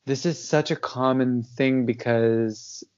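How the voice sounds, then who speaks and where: A man's voice: medium pitch, steady tone, takes it slowly, smooth, lo-fi sound. A man co-hosting a podcast in casual chat, tired and yawning, rambling with frequent laughs and fillers. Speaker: podcast co-host.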